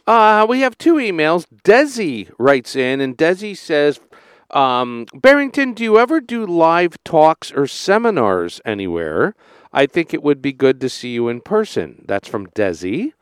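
Smooth, lively male co-host. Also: a little high, a little slow, no echo, clean studio sound. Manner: lively, reads emails aloud. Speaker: co-host reading listener emails. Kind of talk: reading listener emails on air.

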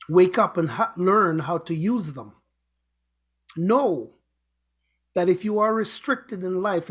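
A man's voice: fairly high pitch, slightly rough. A man hosting an inspirational show, giving an earnest motivational talk with repeated exhortations and a told fable. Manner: earnest, repetitive urging, exhortations.

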